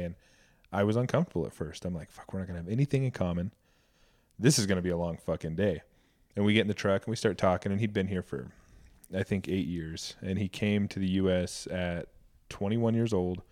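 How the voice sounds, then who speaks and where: A podcast co-host from Boise, Idaho, with a low, darkish voice tells a personal story in a casual chat. He's candid and earnest, and he swears freely.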